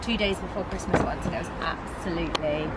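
A woman's voice: on the low side, a little fast, heavy background noise. A woman in her thirties chatting casually with a friend, bubbly and self-deprecating. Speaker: guest friend. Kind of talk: casual chat.

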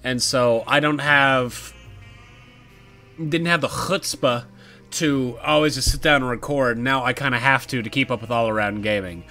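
A man's voice: medium pitch, measured pace, sharp tone, soft background music. A man casually commentating a horror game as he plays, chatty and jokey, talking back to the characters. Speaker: gaming YouTuber. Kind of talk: casual let's-play commentary.

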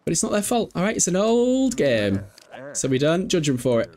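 A man's voice: a little high, wildly swooping pitch, normal speed, a little mellow. A young man from England, chatting casually as he streams a game, swearing and laughing often. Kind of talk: casual live game commentary.

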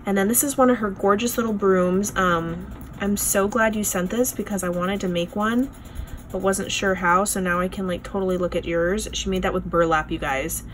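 A young woman hosting a casual craft unboxing, gushing and excitable as she shows each piece. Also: medium pitch, moderate pace, a little hiss or hum. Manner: gushing, excitable, lots of "oh my gosh" and "you guys". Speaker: craft channel host. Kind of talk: casual unboxing show-and-tell.

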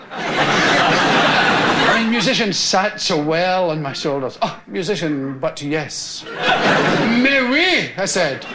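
A Scottish man in his forties does stand-up for a live TV studio crowd, speaking slowly with long pauses in a fairly high-pitched voice. He laughs while acting out the scenes of his stories, heard on a noisy old TV recording.

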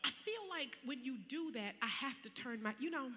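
A woman pastor preaching a sermon in a casual, colloquial way, swinging from loud shouting to soft, chatty asides. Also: sits high, expressive, moderate pace, in a large hall. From Connecticut, USA. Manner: casual, colloquial preaching with direct address to the congregation. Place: large church sanctuary.

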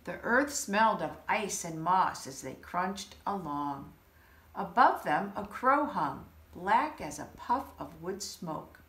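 A woman reading a children's holiday story aloud, expressive and unhurried. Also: fairly low pitch. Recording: echoey room.

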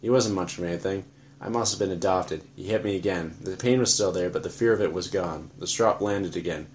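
A man narrating an audiobook in a flat, matter-of-fact first-person telling. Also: low-pitched, a little fast, slight background noise.

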